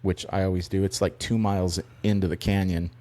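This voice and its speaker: Low-voiced man, relaxed chat. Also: brisk. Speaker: podcast co-host. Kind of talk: casual chat.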